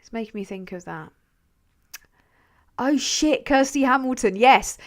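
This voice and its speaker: On her casual livestream, this young English host rambles while reading out chat messages, cursing without restraint and laughing a lot. She speaks a little slowly with long pauses, in an animated voice on the high side.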